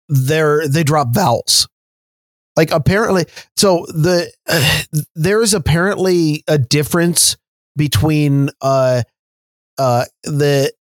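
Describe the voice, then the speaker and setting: A man's voice: on the high side, no echo. A man from the US West Coast, co-hosting a podcast, explaining at length with restarts and the odd sigh in casual chat.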